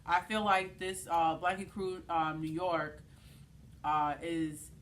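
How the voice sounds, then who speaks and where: A woman co-hosting a casual chat, giving frank, measured opinions with frequent fillers. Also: fairly low pitch, level tone, slight background noise. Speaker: podcast co-host.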